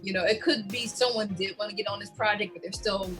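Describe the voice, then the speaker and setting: A woman co-hosting a casual online radio talk show, giving measured, opinionated takes. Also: mid-range voice, fairly even intonation, a bit bright, soft background music. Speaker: podcast co-host. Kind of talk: casual chat.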